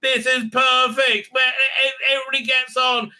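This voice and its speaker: A middle-aged man recapping a TV episode in a rambling, casual monologue, full of filler sounds and restarts, dropping low then jumping up excitedly. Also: moderate pace. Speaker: TV show reviewer.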